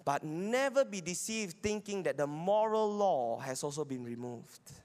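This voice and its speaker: A man's voice: fairly high pitch, expressive, a little slow, a little mellow. A man giving a teaching sermon, arguing his points and checking in with listeners. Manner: argumentative, often asks listeners "right?". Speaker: Bible teacher. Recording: long hall reverb.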